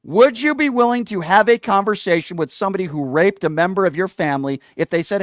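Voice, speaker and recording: A man's voice: high voice, lively intonation, quick pace, hardly any pauses, dry recording, studio quality. A male talk show host arguing with a caller, hectoring, insulting him and repeating the same question. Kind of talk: heated call-in argument.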